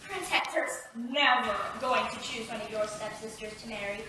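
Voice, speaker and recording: A sassy, chatty fairy godmother, played by a woman in a live youth theatre show, high-voiced and playfully theatrical. She is heard from far back in a very echoey theatre, with steady audience and room noise behind her. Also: normal speed. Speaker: stage actor. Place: theatre stage. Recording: echoey stage taped from afar.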